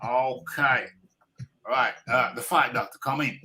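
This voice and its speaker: A male host runs a live boxing talk show with a bright, forceful voice. He is insistent, repeats his phrases and talks over his guests, then turns to plug the show's buttons like a seasoned presenter. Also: medium pitch, steady tone, measured pace. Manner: pushes viewer buttons like a presenter.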